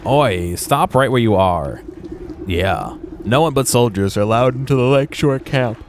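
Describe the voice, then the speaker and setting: A man's voice: mid-range voice, lively intonation, moderate pace, a little hiss or hum, natural voice. A man voicing a blunt, hostile male soldier guarding a camp in a video game. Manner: blunt, rough-spoken.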